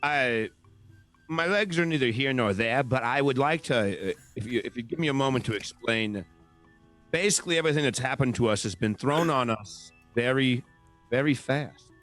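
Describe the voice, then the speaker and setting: A man's voice: medium pitch, normal speed, a bit bright, faint music behind. A man playing a tabletop role-playing game in character, earnestly rambling and stumbling over his words. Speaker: player.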